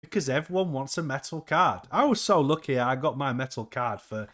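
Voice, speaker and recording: A man's voice: mid-range voice, fairly quick, a bit bright. A man hosting a casual crypto livestream, chatting upbeat and reading viewers' comments aloud.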